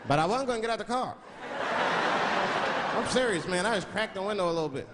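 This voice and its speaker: Speaking quickly with lively intonation, a high-voiced male stand-up rambles through a profane tale and voices the quotes himself. It was captured live on stage, with heavy crowd noise throughout.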